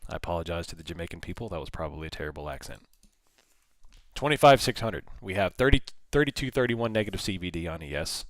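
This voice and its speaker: A man hosting a live trading stream, giving animated, folksy market commentary straight to his viewers. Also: low voice, fast, dry recording. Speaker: options trader hosting a livestream.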